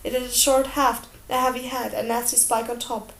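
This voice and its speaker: A woman narrating an audiobook in a steady, expressive storytelling manner. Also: fairly high pitch, moderate pace, gravelly. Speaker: audiobook reader. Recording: roomy echo.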